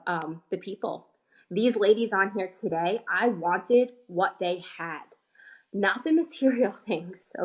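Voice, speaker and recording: A woman in her thirties from New York, with a New York accent, giving an earnest, emotional personal testimony over a video call. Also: mid-range voice. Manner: earnest, emotional, close to tears. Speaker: guest speaker, health coach.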